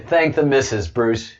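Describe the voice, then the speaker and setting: A man's voice: mid-range voice, takes it slowly. A man hosting a casual live chat stream, rambling with chuckles and many hesitant fillers. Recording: dull lo-fi stream audio.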